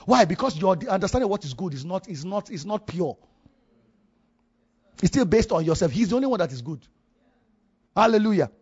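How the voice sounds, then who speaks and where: Nigerian male preacher, high husky voice, animated storyteller who repeats himself for emphasis; dry, dull lo-fi sound. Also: a little fast, pauses often, no echo. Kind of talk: sermon with personal testimony.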